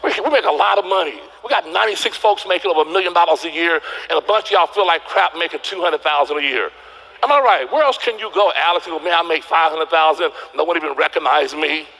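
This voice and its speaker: A man giving a motivational seminar speech, telling stories animatedly and acting out quotes with loud exclamations. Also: sits high, expressive, fast, creaky, rough recording. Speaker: motivational speaker.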